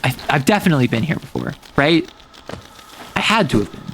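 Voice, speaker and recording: Over a noisy background, a slightly high, sing-song male voice moves a little fast. It's a VTuber casually commentating on his gameplay stream, wandering from thought to thought and saying "like" often.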